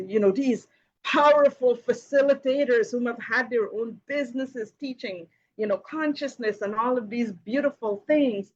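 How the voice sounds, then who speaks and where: A woman hosting a live Q and A tells a personal story casually, with lots of "you know" fillers and light laughs. Her voice is on the high side and moderately paced, and the sound is lo-fi.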